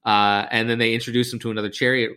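A man's voice: medium pitch, little pitch movement, quick pace, bright, forceful tone, clean tone. A man hosting a podcast, retelling a film in a rambling, sarcastic and profane way. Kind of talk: comedic film recap.

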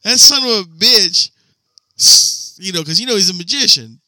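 Bright, profane man telling a story. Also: sits high, lively intonation, normal speed, no echo. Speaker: podcast co-host. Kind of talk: casual storytelling chat.

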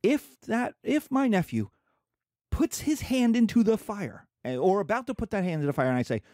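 A man's voice: sits high, lively intonation, normal speed, mellow, no echo, studio quality. A man lecturing as a professor, asking and answering his own questions and acting out little scenes. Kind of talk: lecture to students.

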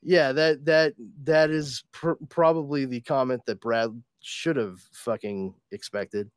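A man's voice: mid-range voice, steady tone, a little slow, clean tone, dry recording. Podcast co-host, male, chatty storyteller, profane, dry booth sound. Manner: chatty storyteller, swears, puts on voices in anecdotes. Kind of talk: casual chat.

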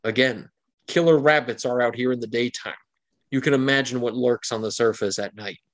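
A man's voice: medium pitch, brisk, natural voice. A man voicing a weary, pragmatic male wilderness guide in a tabletop game, giving grim, matter-of-fact warnings.

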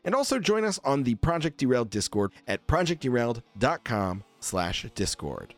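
A man's voice: mid-range voice, sing-song, moderate pace, soft background music. A man who is the game master and host of a tabletop podcast, reading the episode credits in an upbeat announcer style.

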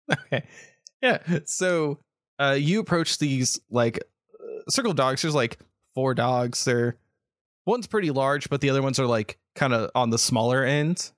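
A man narrating a tabletop game as game master, halting and laughing often. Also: mid-range voice, expressive, no room sound, clean studio sound.

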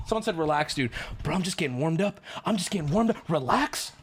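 A man's voice: high-pitched, lively intonation, brisk, few pauses, faint music behind. A man streaming, telling a story to his chat in an indignant, profane rant. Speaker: livestreamer.

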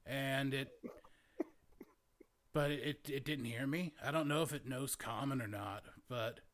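A man's voice: mid-range voice, a bit bright, close to an everyday voice. A man voicing a laid-back young male druid hermit who rambles and hesitates, full of "like" and "man". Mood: rambling. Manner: rambling, halting, lots of "like" and "man". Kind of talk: in-character tabletop role-play.

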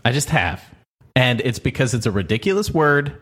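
A man of middle pitch hosting a relaxed podcast conversation, his voice rising and falling with plenty of movement. He jokes around and laughs easily, recorded remotely. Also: normal speed. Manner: joking, laughs often. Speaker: podcast host. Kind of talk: casual chat. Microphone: remote recording over an online service.

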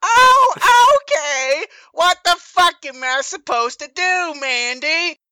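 A sly scheming rogue, as a woman plays him makes excuses in a tabletop game. The voice is high and bright with lively swings. The recording is dry. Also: slow, dry recording, exaggerated voice. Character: scheming male rogue, blames others.

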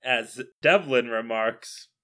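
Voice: medium pitch, slow, fairly bright tone. A co-host of a casual film review podcast who adds wry quips.

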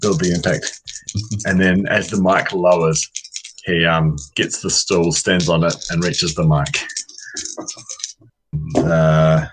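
A man's voice: low voice, flat delivery, slow pace, long pauses, noisy background. A man narrating his tabletop game turn, rambling and hesitant with many fillers. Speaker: player.

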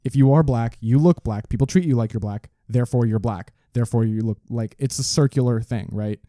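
A man co-hosts a loose podcast chat, ranting and swearing with frequent laughs. His voice sits very dark and mellow. The recording is dry, with no room sound. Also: medium pitch, a little fast, no echo. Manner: profane, ranting, laughs often. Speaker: podcast co-host.

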